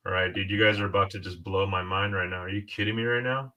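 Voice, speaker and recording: A man co-hosting a casual toy chat show, excitable and cursing often. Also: sits low, fast talker. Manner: excitable, swears freely, repeats "dude". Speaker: co-host.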